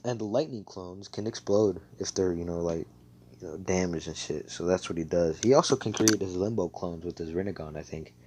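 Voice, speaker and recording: A man's voice: deep voice, brisk, a little mellow, slight background noise. A man casually telling an improvised fan story over a voice call, rambling and profane, full of fillers and self-corrections. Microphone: computer mic on a voice call.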